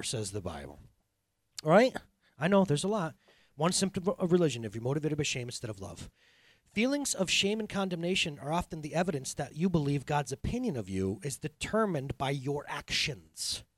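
A pastor giving a conversational sermon, with joking asides, restarts and acted-out quotes. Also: male voice, a little high, no room sound, studio quality.

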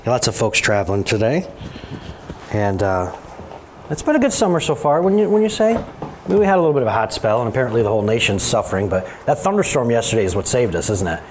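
A man preaching in a church as its pastor, with a conversational style that climbs high when he presses a point. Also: big pitch swings, fast talker, a little hiss or hum. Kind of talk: sermon. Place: church sanctuary.

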